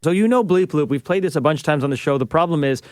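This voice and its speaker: A man's voice: on the high side, lively intonation, fast, a little mellow, no echo. A man co-hosting a radio show from a studio, chatting casually and poking fun at himself. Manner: joking, self-deprecating. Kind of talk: casual chat.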